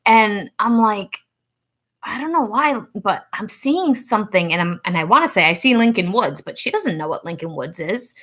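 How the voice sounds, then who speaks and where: A woman tells a story straight to camera in a casual, chatty way. Her voice is bright and clear, and it rises high whenever she acts out the things people said. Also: moderate pace. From Rhode Island. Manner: animated, acts out quoted dialogue with rising pitch. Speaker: psychic reader and channel host.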